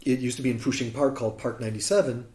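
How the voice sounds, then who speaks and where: A man from Chicago tells a long story as a podcast guest, slipping into the voices of the people in it. His pitch is mid-range for a man. The recording has a roomy echo. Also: racing. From Chicago, USA. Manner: animated storyteller who acts out quoted speech. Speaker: guest musician.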